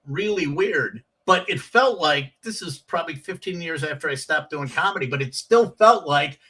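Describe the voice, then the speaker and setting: A comedian telling animated stories from his years on the comedy circuit, acting out the voices of people in them. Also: on the high side, normal speed, distant mic, poor audio. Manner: animated storyteller, acts out quoted voices. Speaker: comedian guest. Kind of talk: casual storytelling.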